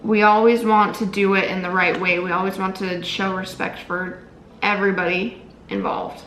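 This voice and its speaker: Casual vlog co-host: a chatty woman with a gravelly voice, roomy sound with faint noise. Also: medium pitch, level tone, normal speed, a bit bright. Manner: chatty, earnest, trailing off with fillers. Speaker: co-host of a couple's channel. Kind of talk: casual chat to camera.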